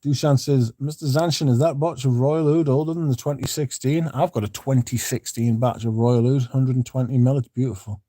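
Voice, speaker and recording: Streamer, low-key rambling host reading chat, warm darker voice, dead-dry mic. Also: male voice, fairly even intonation, fairly quick, few pauses, no room sound. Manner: rambling, laid-back, swears freely. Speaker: livestream host. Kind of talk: casual livestream chat, reading comments.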